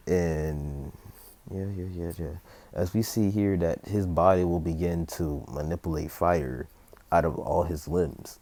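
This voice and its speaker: Low-pitched man, rambling improvised storyteller, lots of fillers and restarts, dry close mic. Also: unhurried, warm tone, dry recording. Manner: rambling, full of fillers and self-corrections. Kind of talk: improvised fan-story narration.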